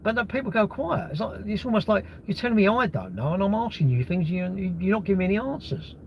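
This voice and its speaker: A man's voice: sits high, lively intonation, fast, creaky, a little hiss or hum. Sweary man ranting on a livestream. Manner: blunt, sweary, rhetorical questions. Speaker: livestream host. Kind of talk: casual livestream rant. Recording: dull lo-fi stream audio.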